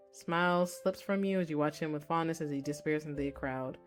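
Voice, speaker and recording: Excitable woman streamer, reads game text aloud, lowish voice, faint music behind. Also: a little fast, few pauses. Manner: excitable, shrieking with delight, swearing. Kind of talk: reading a visual novel aloud live.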